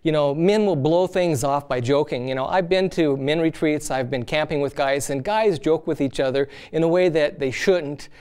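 A man's voice: on the high side, normal speed, few pauses, a little mellow, clear, resonant tone. A man preaching on marriage in a conversational, folksy way, telling stories. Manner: conversational, folksy, many "you know"s. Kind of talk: sermon with storytelling.

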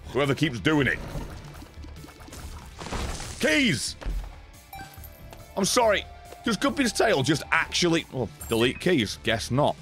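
While streaming a game, a man with a mid-range, fairly bright voice chats casually and swears as he thanks his viewers. His throat sounds hoarse and strained throughout the live-stream chat.

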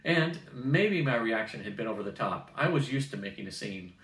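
A man's voice: lowish voice, normal speed. Grandfatherly man reading a novel aloud. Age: older. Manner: steady reading, occasional throat clearing. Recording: roomy, distant mic.

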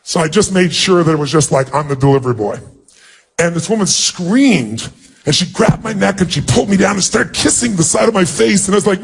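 Husky-voiced man telling an emotional story. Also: a little fast. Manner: emotional, animated storytelling, rising in pitch when stirred. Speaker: motivational speaker. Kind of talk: motivational speech with personal storytelling.

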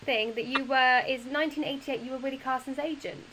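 A woman's voice: high voice, steady tone, a little fast, background noise. A woman hosting an interview over a video call, asking curious, encouraging questions. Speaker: interview host. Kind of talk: casual interview.

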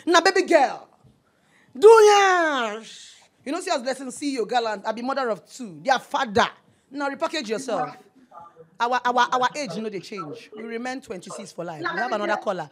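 A woman's voice: a little high, animated, normal speed. A Nigerian woman in her thirties hosting a live call-in show, effusive and affectionate, calling callers darling and mixing in Pidgin. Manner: effusive, mixes Pidgin, calls everyone darling. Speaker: radio show host taking calls.

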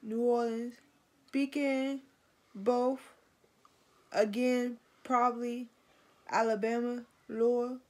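A woman's voice: fairly high pitch, little pitch movement, slow pace, long pauses, darkish tone. A young woman from Washington, D.C., chatting in a laid-back, giggly way as the vlogger's sister. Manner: laid-back, giggly, reads questions aloud. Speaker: guest sister. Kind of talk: casual chat.

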